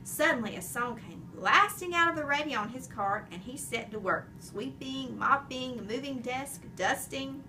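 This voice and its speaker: A woman narrating a children's chapter book in an expressive, animated storytelling way. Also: sits high, normal speed, few pauses, recorded from a distance, slight background noise. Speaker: audiobook reader.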